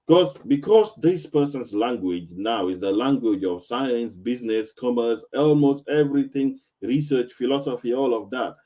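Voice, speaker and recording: This is a man hosting a casual discussion. He sounds animated, repeats himself and laughs often. His voice sits at an ordinary middle pitch. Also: normal speed, hardly any pauses.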